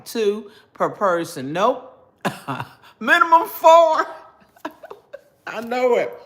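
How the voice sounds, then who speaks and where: Slow, lively-voiced older woman chatting. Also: deep voice. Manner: chatty and homey, talks straight to viewers. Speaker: cooking channel host. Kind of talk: casual cooking livestream chat. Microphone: phone.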